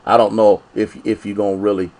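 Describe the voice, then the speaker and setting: A man from Ohio preaching a sermon as pastor, with animated, repetitive call-and-response phrasing. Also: on the low side, brisk.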